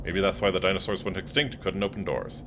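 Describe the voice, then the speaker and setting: A man's voice: low-pitched, fast, a bit bright, a little hiss or hum. A man streaming a game, joking around and reading the game's narration aloud. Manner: playful, jokey, reads narration aloud. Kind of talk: gameplay commentary and reading game text aloud.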